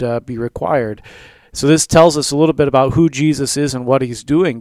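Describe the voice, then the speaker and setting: A man, a pastor, explaining a Bible passage in a relaxed talk with many fillers. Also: mid-range voice, clean tone, dry recording.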